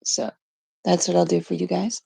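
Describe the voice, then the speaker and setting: A woman from Canada hosts a casual live stream, rambling and giggling as she retells things with mock exasperation. Her voice is heavily gravelly and husky, with a dark, mellow tone. She talks slowly. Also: on the low side, flat delivery, no room sound.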